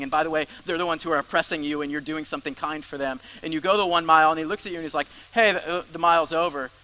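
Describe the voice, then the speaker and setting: A young adult man preaching a sermon as pastor, emphatic, repeating phrases and dropping into soft asides. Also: a little high, low-quality recording.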